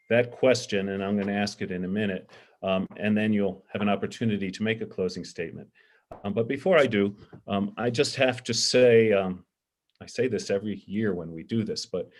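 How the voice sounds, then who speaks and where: A middle-aged man moderating a candidate forum over a video call, earnest and heartfelt, pausing often with ums. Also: fairly low pitch, a little hiss or hum.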